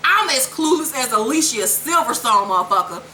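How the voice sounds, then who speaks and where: A woman's voice: sits high, very animated, moderate pace, bright, forceful tone. A woman giving a brash, sassy, profane recap of a TV episode, recorded in an echoey room with faint hiss. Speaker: TV recap vlogger.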